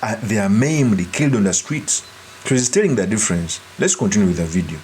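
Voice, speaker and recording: A man giving earnest, deliberate political commentary and breaking off to restart his sentences. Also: on the low side, big pitch swings, darkish tone, a little hiss or hum.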